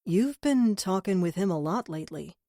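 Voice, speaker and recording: A woman reading the part of a male detective partner in an audiobook, even and low-key. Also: moderate pace, dry recording, clean studio sound, natural voice. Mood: calm.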